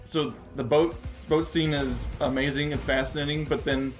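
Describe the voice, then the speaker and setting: A man's voice: on the high side, fairly even intonation, moderate pace, soft background music. A man co-hosting a movie podcast, recapping scenes in a rambling way and restarting his sentences. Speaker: podcast co-host. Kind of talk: casual movie-review chat.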